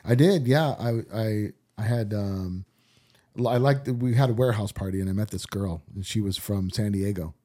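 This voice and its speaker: A man's voice: fairly low pitch, normal speed, warm tone. Laid-back rambling storyteller man. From Southern California. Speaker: musician guest. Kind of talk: casual storytelling chat.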